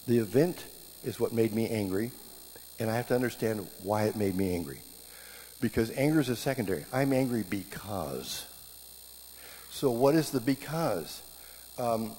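Middle-aged guy preaching, animated storyteller, medium pitch, echoey hall w/ faint hum. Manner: animated storytelling, voice jumping up in reenactments. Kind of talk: sermon.

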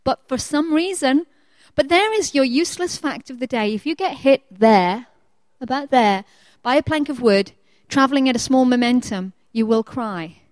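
A woman preacher in her thirties telling a chatty personal story with animated quoted voices before turning to her sermon. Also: high voice, moderate pace, dry recording.

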